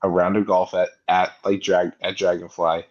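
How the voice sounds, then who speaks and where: A man co-hosting a casual golf podcast, talking in a relaxed, halting way that repeats words as he thinks aloud. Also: low-pitched, muffled recording. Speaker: podcast co-host. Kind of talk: casual chat.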